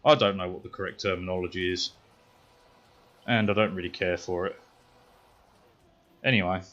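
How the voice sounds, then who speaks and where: A British man streaming a game, telling a story in a casual, profane way that grows animated and louder as he gets worked up. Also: low voice, normal speed, lo-fi sound. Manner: profane, swears constantly. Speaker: gaming streamer.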